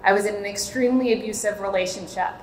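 A fast-talking woman with a medium-pitched voice gives an open, earnest personal testimony at a church seminar. She's a maternity home director from Florida in her late thirties, recorded in an echoey hall with slight background noise.

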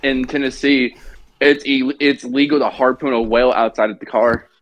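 Male co-host, mid-pitched, blunt and opinionated, casual cursing banter. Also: level tone, moderate pace, dull audio, soft background music. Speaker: co-host chatting during a game stream. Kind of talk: casual group chat.

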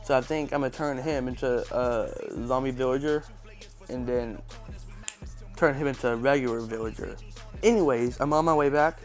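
A man's voice: medium pitch, steady tone, normal speed, soft background music. A man with a stuffy, congested nose giving casual, joking and sarcastic game commentary. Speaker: gaming channel host.

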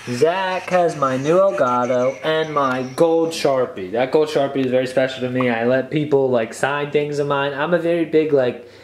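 A teenage boy vlogging casually in his bedroom, excited and slangy, saying "like" a lot. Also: fairly high pitch, a little hiss or hum. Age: teens. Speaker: YouTube vlogger and streamer. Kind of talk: casual vlog chat. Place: bedroom with a streaming setup, indoors.

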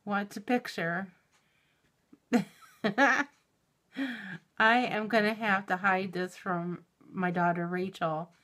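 A middle-aged woman opening a mail package in a home vlog, gushing and giggling, shaky with excitement. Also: medium pitch. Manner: gushing and giggly, exclaims often. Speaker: YouTube reviewer. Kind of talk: unboxing vlog.

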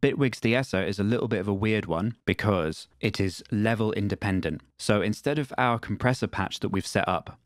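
A man with a deep, low voice walks through audio software settings in a plain, matter-of-fact tutorial manner. The recording is dry and close, with no room sound around the voice. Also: no room sound. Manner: plain, matter-of-fact explaining with repeated test phrases. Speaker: music production tutor.

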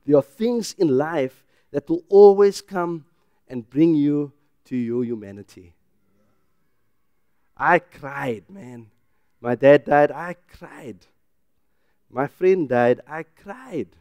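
A middle-aged man, a pastor who preaches with loud, emphatic rises and then drops into a quiet, personal telling. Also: a little high, expressive, slow, pauses often, clean tone, dry recording. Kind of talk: sermon.

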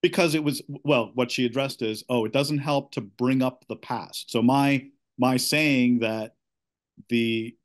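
A middle-aged man seeking coaching, giving a candid, halting account of his marriage with many restarts. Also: medium pitch.

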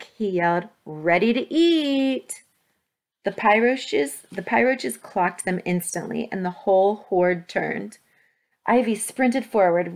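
Woman teacher reading a story aloud. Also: lowish voice. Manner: steady, expressive storytelling. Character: brave young girl heroine. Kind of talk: children's book read-aloud.

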